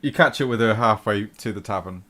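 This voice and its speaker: A man narrating as game master of a tabletop game, relaxed and unhurried with small fillers. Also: fairly low pitch.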